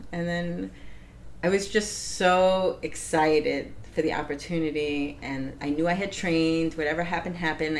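Woman guest, relaxed storyteller, lower voice, animated and laughing. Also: a little hiss or hum. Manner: animated, laughs often, acts out quoted voices. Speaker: interview guest. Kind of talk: casual storytelling.

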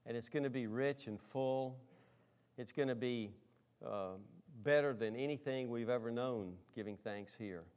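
A man pastor delivering a conversational sermon to his congregation, speaking to them directly and moving between loud emphasis and hushed, almost whispered lines. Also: mid-range voice, measured pace.

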